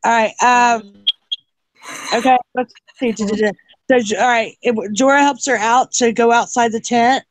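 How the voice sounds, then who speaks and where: Book club member, mid-pitch, rambling summarizer, dry close sound. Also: fairly even intonation, measured pace, no echo, poor audio. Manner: rambling, many fillers while summarizing. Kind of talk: casual group chat over video call.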